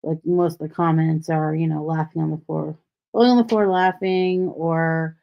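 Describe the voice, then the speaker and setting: A woman's voice: sits low, little pitch movement, measured pace, vocal fry, mellow. A woman hosting a casual solo livestream from home, rambling freely with sarcastic asides. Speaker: livestream host. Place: home in Texas. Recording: dull lo-fi stream audio.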